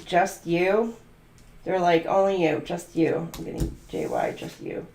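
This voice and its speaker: A woman's voice: lowish voice, huge pitch swings, measured pace, gravelly, a little mellow, echoey room. A woman doing a channeled tarot reading, musing aloud and free-associating letters, numbers and words. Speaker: tarot reader.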